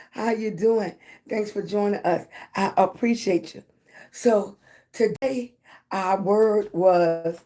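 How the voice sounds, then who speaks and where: A middle-aged woman hosting a casual livestream, hoarse with her voice not fully back, greeting viewers by name in an affectionate, encouraging way. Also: medium pitch, warm tone. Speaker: livestream host.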